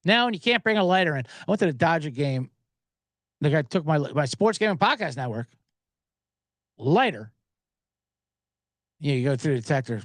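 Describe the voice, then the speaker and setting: A man's voice: fairly high pitch, very animated, normal speed, long pauses, a bit bright, dry recording. Male betting-podcast host, rambling and jokey, dry close sound. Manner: rambling, joking, gets worked up. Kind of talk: casual sports betting podcast.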